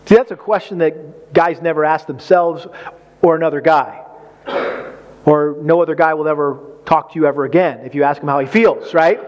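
A man's voice: on the high side, normal speed, dull audio. A man preaching on marriage in a folksy, conversational way, acting out quotes with humor. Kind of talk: sermon.

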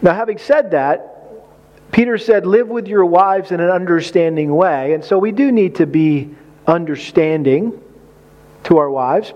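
A man's voice: sits high, a little mellow, lo-fi sound. A man preaching a sermon to men about marriage, telling a personal story and acting out his own reactions with animation. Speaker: pastor.

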